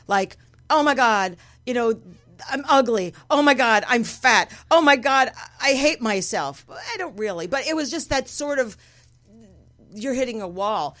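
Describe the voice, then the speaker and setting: A woman hosting a podcast in a casual chat, talking with a slightly gravelly voice, laughing easily and poking fun at herself. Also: mid-range voice. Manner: chatty, laughing, self-deprecating. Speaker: podcast host.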